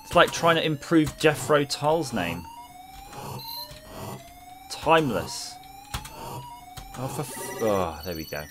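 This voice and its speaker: Unhurried jokey male game streamer. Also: mid-range voice, big pitch swings, noisy background. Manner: jokey, rambling, chats with viewers. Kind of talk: casual livestream chat while gaming.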